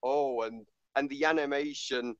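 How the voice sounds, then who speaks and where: A man reviewing a movie in casual chat, halting with many fillers and restarts, blunt and swearing. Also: mid-range voice, fairly even intonation, no room sound, dull audio.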